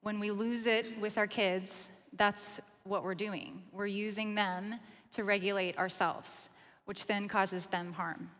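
A woman in her forties, a mother of teenagers, explaining parenting ideas in a measured, earnest way. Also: mid-range voice, fairly even intonation, fairly bright tone, big-room sound. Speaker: podcast co-host, mother. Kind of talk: calm reflective explanation.

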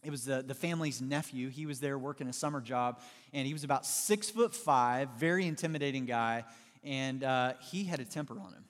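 A man preaching a sermon, with animated storytelling and playful asides to the congregation. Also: medium pitch, fairly quick. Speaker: pastor. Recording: long hall reverb.

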